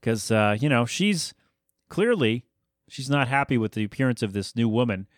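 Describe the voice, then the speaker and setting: A man's voice: medium pitch, expressive, normal speed, dry recording, studio quality. A man hosting a podcast, recapping a TV episode in a casual, rambling way with jokey asides and self-corrections. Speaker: podcast host.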